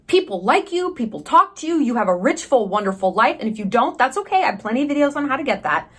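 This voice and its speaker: A woman's voice: high-pitched, big pitch swings. Sarcastic, profane woman vlogger. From United States. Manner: candid, sarcastic and profane, with quick asides. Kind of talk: casual travel vlog chat.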